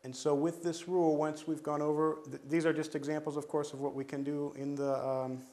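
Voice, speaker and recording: A man's voice: fairly high pitch, flat delivery, brisk, dark tone. A man training teachers, explaining pronunciation rules step by step in a methodical way, with frequent fillers and restarts. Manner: methodical, repeats steps, many fillers and restarts.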